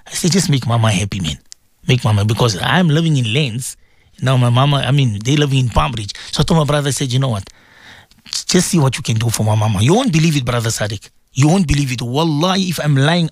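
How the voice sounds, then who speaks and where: A man's voice: medium pitch, a little fast, dry recording. A middle-aged man, hosting a radio show in an emotional, rambling monologue that he speaks straight to his co-host and his listeners.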